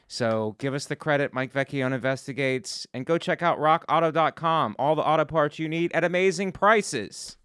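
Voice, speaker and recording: A man with a raised, clear, resonant voice reads a sponsor spot on a podcast, full of jokey salesman patter. He sounds crisp and close, with no room echo. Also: on the high side, expressive, normal speed, few pauses, a bit bright. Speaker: podcast host. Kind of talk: sponsor read.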